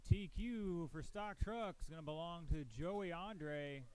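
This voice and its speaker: A man's voice: a little high, measured pace, clear, resonant tone. A man announcing race results and podium finishers at a live event, joking between names. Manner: joking, relaxed emcee calling out winners.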